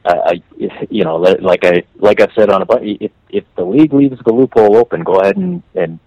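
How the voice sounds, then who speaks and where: A man from Canada talking hockey on a podcast, animated and full of restarts, his pitch leaping on stressed words. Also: brisk, dry recording, muffled recording. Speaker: hockey writer guest. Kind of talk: casual podcast chat.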